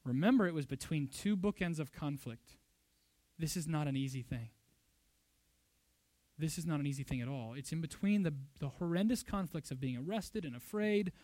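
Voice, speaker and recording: A pastor and father of young children preaches a sermon in a slightly high voice, recorded with no room sound. He's emphatic, leans on rhetorical questions, and gets loud in bursts when quoting.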